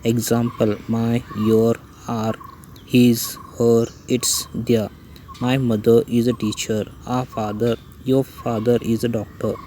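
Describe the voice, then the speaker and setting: A man teaching English grammar, reading out definitions and example lists one by one in a slow, even recitation. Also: mid-range voice, slight background noise, poor audio. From India.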